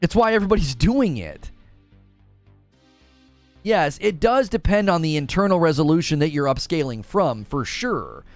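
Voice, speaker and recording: A man hosting a casual gaming livestream, talking in an animated, exasperated rant to his chat. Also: fairly high pitch, moderate pace, pauses often, dry recording, soft background music.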